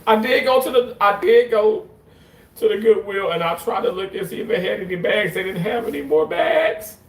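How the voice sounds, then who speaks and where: In a comedic livestream rant, a streamer jokes, swears freely, and puts on mock-tearful theatrics. The voice is mid-range with fairly even intonation at a normal speed, recorded in a roomy space far from the mic.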